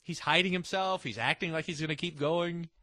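A man teaching a Bible passage in a conversational, animated way, with delighted chuckling asides. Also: a little high, brisk, no echo.

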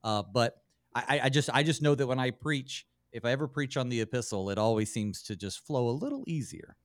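A man's voice: mid-range voice, a little fast, no echo. A man, a pastor, hosting a radio Bible study show and chatting with fillers and restarts.

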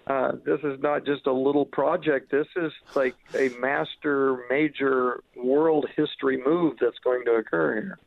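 A man's voice: mid-range voice, steady tone, measured pace, vocal fry, few pauses. A man co-hosting a Bible discussion, reflecting thoughtfully in a casual conversational way. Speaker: Bible study podcast co-host. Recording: dry tinny phone-like line.

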